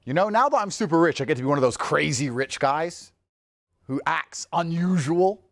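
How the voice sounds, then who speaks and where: Animated high-pitched man, gravelly and mocking. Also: normal speed, dry recording, clean studio sound. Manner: mocking, boastful, slips into sneering mimicry. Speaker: interview guest. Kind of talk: interview clip played in a reaction video.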